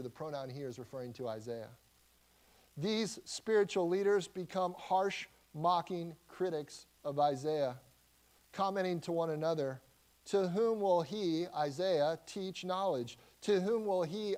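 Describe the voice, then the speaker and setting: A man preaches through a passage verse by verse, his voice sitting a little higher than most men's. He talks to the congregation conversationally, restarting phrases and rising with emphasis. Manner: conversational, animated teaching with frequent restarts. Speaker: pastor. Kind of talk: expository sermon.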